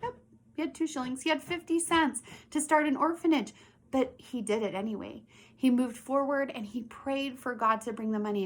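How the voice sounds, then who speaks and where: This young woman tells Bible stories to children in a lively, animated way. Her voice sits a little on the high side, and she keeps stopping to ask the kids questions. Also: moderate pace.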